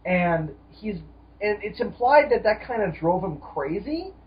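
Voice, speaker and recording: A man's voice: high voice, very animated, measured pace. A man co-hosting a casual film discussion podcast, emphatic and profane, ranting at times. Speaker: podcast co-host. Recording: dull lo-fi audio.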